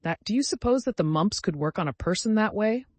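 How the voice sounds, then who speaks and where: A man's voice: fairly high pitch, animated, normal speed, no echo, pitched above the performer's own voice. A man voicing a fussy older woman cousin in an audiobook, wailing and whimpering. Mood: fretful.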